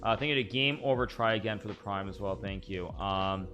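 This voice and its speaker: A man's voice: lowish voice, brisk, a bit bright, soft background music. A man live-streaming a chess game, thinking aloud about his moves and chatting with viewers in a rambling way. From United States.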